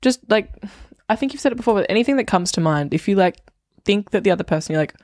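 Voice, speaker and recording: A woman's voice: medium pitch, expressive, fast, darkish tone, no echo. A young woman co-hosting a podcast, chatting casually in a dry, teasing way. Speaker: podcast co-host.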